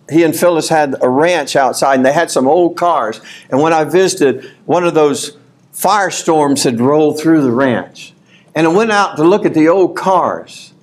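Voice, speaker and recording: A man preaching a sermon at a conference, folksy and animated, reading scripture aloud and rising to shouts. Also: a little high. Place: conference hall.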